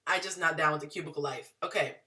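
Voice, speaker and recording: Chatty, bright-voiced woman telling a story. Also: sits low, quick pace, recorded from a distance. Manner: chatty, animated, addresses viewers directly. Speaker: dating and relationship advice vlogger. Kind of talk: casual storytelling to viewers.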